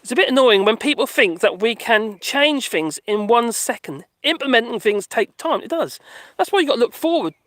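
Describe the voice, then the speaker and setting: Man, lively up-and-down voice, fairly high for a man, dry close sound, casual rambling chat outdoors. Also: normal speed, dry recording. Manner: chatty, rambling, chuckling, talks to his dogs. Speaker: vlogger reading live chat. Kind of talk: casual live-stream chat while walking dogs. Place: outdoors on a dog walk.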